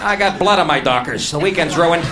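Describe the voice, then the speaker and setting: A man voicing a bored wealthy office man who shrugs off a dogfight, in a careless, flat manner. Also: on the high side, brisk, lightly acted. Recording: live comedy club recording with noise.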